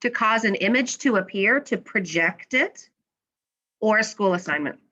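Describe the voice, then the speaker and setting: A woman's voice: mid-range voice, expressive, moderate pace, bright, forceful tone, lo-fi sound. A woman teacher giving a classroom slideshow lesson, patiently asking questions and then answering them herself.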